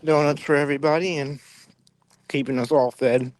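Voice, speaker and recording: A man's voice: on the high side, fairly even intonation, moderate pace, poor audio. A man giving casual, upbeat live-stream play-by-play at an outdoor event. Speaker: event commentator. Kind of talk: live-stream sports commentary.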